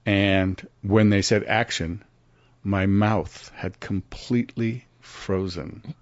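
An older man, a guest actor, telling stories in a casual interview and acting out the quotes with big jumps in pitch. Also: steady tone, slow pace, dry recording. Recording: dry, slightly muffled studio audio.

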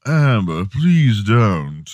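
A man's voice: fairly low pitch, very animated, drawn-out words, a little mellow, no room sound, heavily acted. A man impersonating an exasperated male movie star, speaking in a put-on British lilt with melodramatic whining. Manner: whiny, melodramatic.

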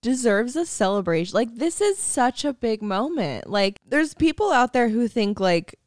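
A woman's voice: a little high, very animated, normal speed, dry recording. A woman co-hosting a podcast, chatting casually and getting emotional, rambling and close to tears. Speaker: podcast co-host. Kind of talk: casual chat.

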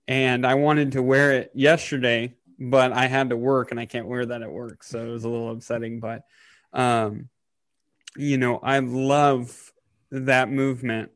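A man in his thirties talking casually on a podcast, halting with many fillers and getting choked up. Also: medium pitch, little pitch movement, dry recording, studio quality. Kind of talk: casual emotional podcast talk.

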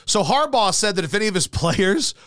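Animated, swearing male talk host. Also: high voice, fairly quick, no echo, clean studio sound. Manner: profane, rambling storytelling full of fillers. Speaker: show host. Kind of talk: casual chat.

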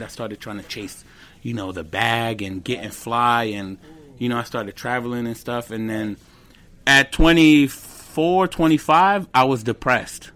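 A man in his twenties, a comedian guest on a casual podcast, telling animated stories with slang, swearing and bits of Spanish. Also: mid-range voice. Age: 20s.

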